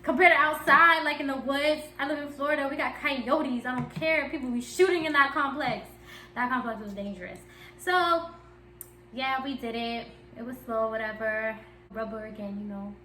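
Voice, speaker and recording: A woman's voice: high voice, normal speed, sharp tone, a little hiss or hum. Giggly, chatty young woman telling a story. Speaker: vlogger. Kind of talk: casual storytime chat. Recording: echoey room.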